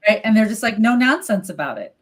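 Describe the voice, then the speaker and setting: A middle-aged woman and healer in casual live chat, candid and animated, swearing casually and acting out her own inner voice. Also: mid-range voice, fast talker, poor audio. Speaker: co-host, healer.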